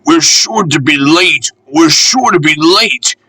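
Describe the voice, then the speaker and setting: A man voicing an eager young steam engine, excitable and fretful. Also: on the high side, slow, slightly rough, dry recording, pitched above the performer's own voice, exaggerated voice. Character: eager, anxious young male narrow gauge engine.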